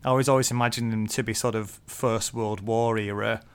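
A man with a fairly low voice and speech co-hosts a relaxed book discussion. He talks thoughtfully, with lots of "ums" and easy laughter. He often breaks off to restart a sentence. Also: a little fast, clear, resonant tone. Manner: thoughtful, many fillers, laughs easily. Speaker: podcast co-host.

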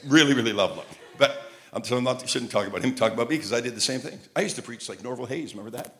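An older male preacher from Montreal, telling humorous stories in his sermon and rising to loud, emphatic peaks. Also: medium pitch, racing. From Montreal, Canada.

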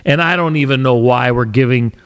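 A man's voice: medium pitch, brisk, clean tone. A middle-aged Canadian man hosting a solo podcast, rambling and sarcastic, often restarting his sentences. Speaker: podcast host.

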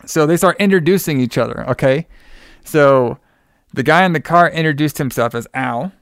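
A man recapping a movie in casual chat, animated, laughing and swearing often. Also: a little high, moderate pace, vocal fry, no echo, studio quality.

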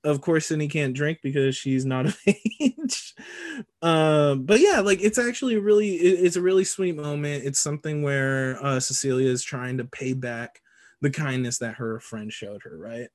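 A man co-hosting a casual movie podcast, recapping scenes in a lively, joking way with frequent laughs and casual swearing. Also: on the high side, normal speed. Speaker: podcast co-host.

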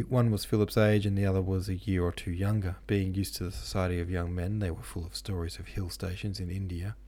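A man narrating a classic novel in a measured, steady reading. His voice sits low, with a husky edge and a dark, mellow tone. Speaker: podcast host and audiobook reader.

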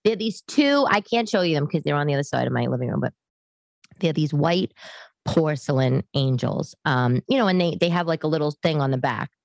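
Speaking quickly with lively intonation, this thirtysomething New Yorker hosts a podcast and chats casually to camera from her living room. Her low, creaky voice is captured dry, with no echo, on a home camera setup.

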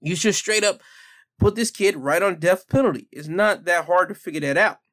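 This is a man ranting his opinions straight at the listener. He is blunt and heated and hits each point with emphasis. His voice sits somewhat high and sounds close and dry. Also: moderate pace, fairly bright tone, no echo. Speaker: commentator. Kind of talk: casual opinion rant.

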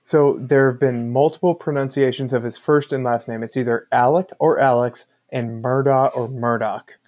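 A man co-hosting a podcast, talking casually and easily as he explains things. His voice sits in a middling pitch. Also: steady tone, normal speed, darkish tone. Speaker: podcast co-host. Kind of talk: casual chat.

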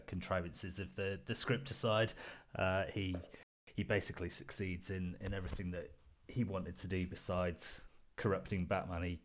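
Low-voiced British man hosting with wry asides. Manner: wry, laughs often, dry asides. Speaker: podcast host. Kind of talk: casual chat and read-out scripted segment.

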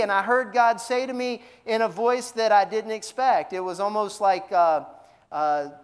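Speaking at a measured pace, this pastor has a high-sitting voice that is clear and resonant. His sermon feels conversational, packed with questions and repeated words, and it echoes with the lengthy reverb of a big hall.

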